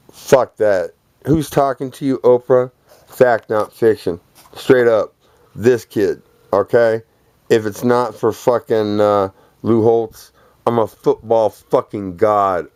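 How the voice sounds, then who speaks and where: Man, low voice, smooth tone, rambling monologue, profane, boastful, laughing. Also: steady tone, slow, darkish tone, no echo.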